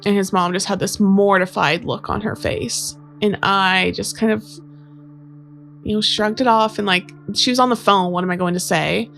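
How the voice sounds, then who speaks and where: A woman's voice: medium pitch, fairly even intonation, normal speed, gravelly, a bit bright, soft background music. A young adult woman telling a personal story about a relationship in a casual, conversational way, with many fillers and quoted exchanges. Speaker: podcast guest.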